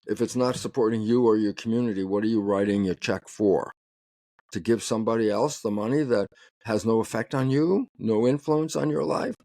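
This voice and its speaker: A man's voice: lowish voice, normal speed, mellow, dry recording, studio quality. A man speaking as an interview guest and biologist, talking emphatically and often laughing mid-sentence. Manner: emphatic, acts out both sides of dialogues. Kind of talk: animated conversational interview talk.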